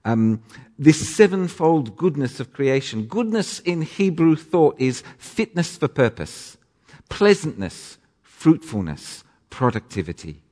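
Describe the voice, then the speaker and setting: Expressive preacher in a reverberant church. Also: male voice, mid-range voice. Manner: expressive, dramatic emphasis with self-corrections. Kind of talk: sermon.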